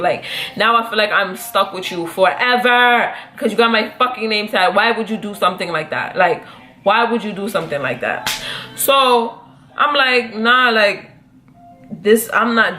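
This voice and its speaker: A young woman telling a personal story in a casual, animated, profane way, jumping up in pitch when she quotes herself. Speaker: vlogger.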